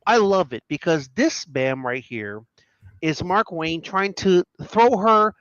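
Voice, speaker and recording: A fairly high-voiced man hosts a casual commentary show, riffing over clips with animated, mocking energy. His sound is dry and a little muffled, as if lo-fi. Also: slow pace, clean tone, no echo. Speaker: political commentary show host.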